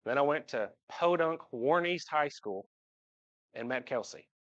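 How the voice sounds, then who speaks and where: A man's voice: on the high side, expressive, measured pace, fairly bright tone. A man, speaking to his church congregation about his family in a joking, heartfelt way. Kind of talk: personal church talk. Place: church sanctuary, at the front. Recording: dull livestream audio.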